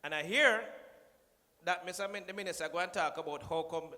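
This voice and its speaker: In a conference hall with the long reverb of a large room, a man with a Jamaican accent gives a playful, teasing speech from a podium, addressing the minister and slipping into patois. His high-pitched voice is sharp in tone and fairly quick.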